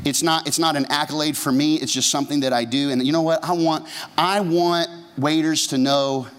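A man pastor delivers a lively sermon in a slightly higher voice, teasing his congregation and tossing them questions. The sound carries a long reverb tail from a church sanctuary. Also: normal speed, clear, resonant tone. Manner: humorous, conversational, asks the congregation questions.

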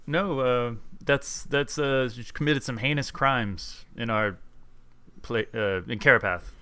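A man's voice: medium pitch, measured pace, sharp tone, clear, resonant tone. A man voicing a sly bribing adventurer. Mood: wry. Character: sly male adventurer offering bribes.

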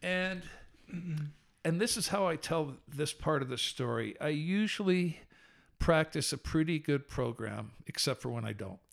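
A man telling an earnest personal faith story as a podcast guest, animated and shifting between slow solemn passages and quick telling. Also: on the high side, creaky.

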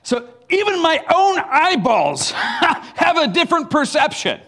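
Animated high-voiced male pastor. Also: a little slow. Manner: animated storytelling with laughs and acted asides. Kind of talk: sermon. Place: church.

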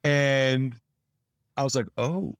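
In a dry recording, a man being interviewed as an actor guest talks a little fast in a mid-range voice. His storytelling is rambling and casual, full of restarted sentences, and he voices quoted lines with lively flair.

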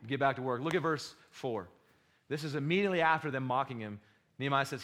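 A man preaching a sermon to his congregation, passionate and full of rhetorical questions, swinging between loud bursts and hushed asides. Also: mid-range voice, quick pace. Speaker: pastor.

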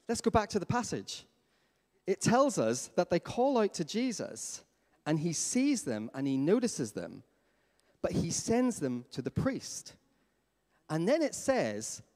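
A man preaching a sermon as pastor in a church, lively and questioning his congregation. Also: sits high. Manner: animated, asks the congregation questions. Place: church hall. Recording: long hall reverb.

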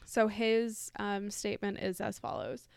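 A woman's voice: mid-range voice, level tone, measured pace, creaky, smooth, no room sound, clean studio sound. A woman co-hosting a casual podcast, reading ghost stories aloud in a chatty way, laughing easily and correcting herself. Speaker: podcast co-host.

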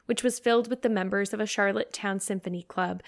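A woman's voice: medium pitch, steady tone, fast talker. Woman narrating a story. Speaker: audiobook narrator. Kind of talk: scripted narration.

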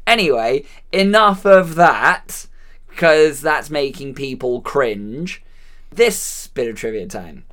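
A woman's voice: sits low, slow pace. A woman co-hosting a casual chat about a film, reading out trivia and laughing often. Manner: animated, reads out trivia, laughs a lot. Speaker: podcast co-host.

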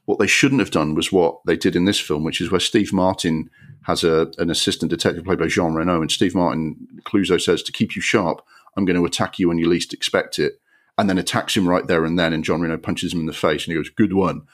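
A man co-hosting a film podcast, ranting in exasperated, sweary bursts and jumping up in pitch when riled. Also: fairly even intonation, a little fast. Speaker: podcast co-host. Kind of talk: casual film review rant.

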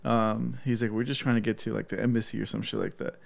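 A man's voice: on the low side, quick pace, gravelly. A man co-hosting a podcast, telling a story in casual chat, often laughing and quoting people. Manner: laughing, animated retelling with quoted voices. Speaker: podcast co-host.

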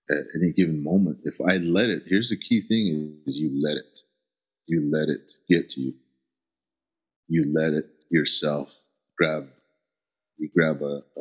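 A middle-aged man from the American Southwest telling personal stories as an interview guest, earnest and halting, often pausing to search for words. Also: extremely low pitch, husky. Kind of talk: reflective personal storytelling. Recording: dull lo-fi recording.

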